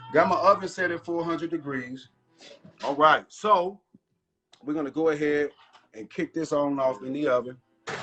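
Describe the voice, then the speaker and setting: A man's voice: mid-range voice, fairly bright tone, dull audio. A man hosting a casual cooking show from his home kitchen, chatting loosely and talking straight to his viewers. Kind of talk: casual live cooking chat. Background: faint jazz music.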